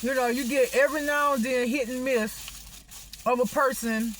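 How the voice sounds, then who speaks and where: A woman's voice: sits high, fairly even intonation, moderate pace, slight background noise. A woman venting in an unscripted monologue, rambling and agitated, swearing often and breaking into exasperated, pleading outbursts. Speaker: spiritual vlogger.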